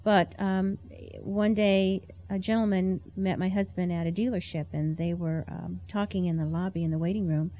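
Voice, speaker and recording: A woman's voice: fairly low pitch, steady tone, normal speed, few pauses, lo-fi sound. A woman sharing a heartfelt personal testimony in an earnest, storytelling way. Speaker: interview guest.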